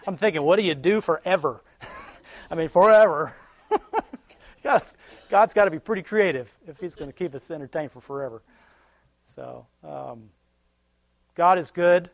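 A man's voice: a little high, dry recording. A man giving a casual devotional talk and closing prayer, conversational and homely, chuckling often between thoughts. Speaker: lay preacher.

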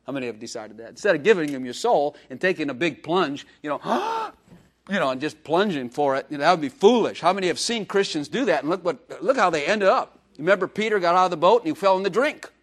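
Man, pastor, sermon in a church, higher-pitched voice, loud emphasis then hushed asides, acts out quotes, humorous. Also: expressive, fast, few pauses. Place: church before a congregation.

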